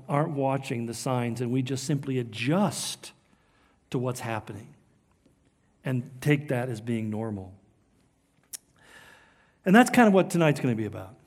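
A man's voice: medium pitch, a little mellow. An older man from Southern California giving an earnest, emphatic sermon, his delivery rising and falling. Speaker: preacher. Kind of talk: sermon on prophecy.

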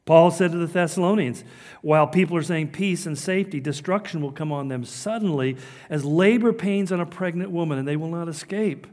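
An older man from Southern California preaches an earnest, emphatic sermon on prophecy, his delivery rising and falling. His voice is fairly high, brisk, and a little mellow.

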